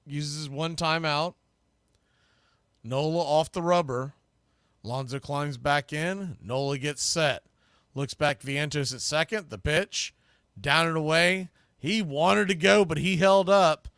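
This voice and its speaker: A man calling baseball play-by-play for a live stream watch party, talking through game strategy and getting louder on the big pitches. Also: a little slow, smooth, no room sound, clean studio sound. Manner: conversational, analytical, bursts louder on big pitches. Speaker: play-by-play announcer.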